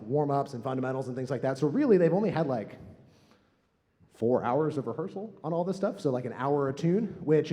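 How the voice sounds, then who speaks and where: A man conducting a high school honor band, chatting casually between pieces, a little out of breath and self-deprecating, with many fillers. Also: dark tone. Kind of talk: casual onstage concert introduction. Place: large concert hall on stage. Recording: long hall reverb.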